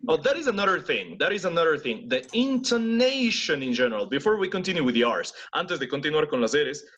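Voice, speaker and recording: A man teaching English, animated and demonstrating pronunciation. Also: on the high side, fast talker, highs cut off. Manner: animated, switches between English and Spanish, demonstrates accents. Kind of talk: online class teaching. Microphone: video call.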